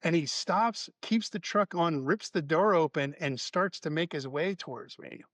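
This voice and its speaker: A man's voice: on the high side, moderate pace, no echo. A man, a podcast guest and therapist, telling stories in casual conversation, swearing freely and acting out heated arguments. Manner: profane, animated storyteller, acts out quarrels. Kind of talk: casual storytelling interview. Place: Florida.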